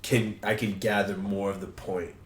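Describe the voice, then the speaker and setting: A low-pitched man talks through a casual podcast chat, rambling from one thought to the next and swearing freely. He breaks into bursts of excitement, and his voice rings around a roomy space with a faint hum of ambience behind it. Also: normal speed. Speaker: podcast co-host. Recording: roomy echo.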